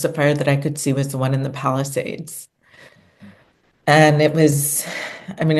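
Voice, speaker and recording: Woman, low voice, middle-aged, earnest storytelling guest. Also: a little mellow. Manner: earnest, emotional while recounting. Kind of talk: conversational interview storytelling.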